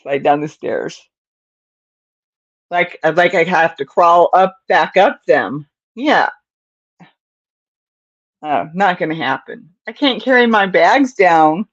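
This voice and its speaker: An older woman with a lowish, animated voice hosts a crochet livestream, chatting casually and rambling to viewers while she crochets, often chuckling. She talks slowly and pauses often. The recording has no echo, and the highs are cut off.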